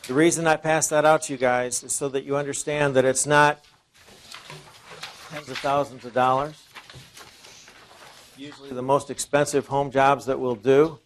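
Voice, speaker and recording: Man, seminar presenter, conversational, rhetorical questions, middle pitch. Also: little pitch movement, unhurried, pauses often, a little hiss or hum. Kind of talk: informal sales seminar talk.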